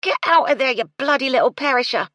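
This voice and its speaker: A woman voicing a loud, bossy working-class cook who scolds and swears. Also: sits high, animated, fast talker, no echo, pitched above the performer's own voice. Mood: shouting. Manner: yelling, coarse, bossy.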